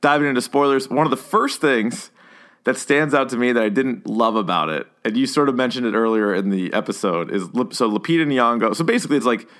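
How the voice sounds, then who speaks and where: Male co-host, casual movie talk, animated delivery, middle pitch. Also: a little fast. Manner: animated, mimics voices, swears casually. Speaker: podcast co-host, movie reviewer. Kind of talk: casual chat.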